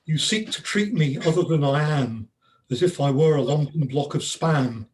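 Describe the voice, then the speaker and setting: A man's voice: fairly high pitch, lively intonation, normal speed, a little mellow, low-quality recording. Man reciting rhyming verse. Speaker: poet reading his poem. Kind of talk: poetry reading. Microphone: video call.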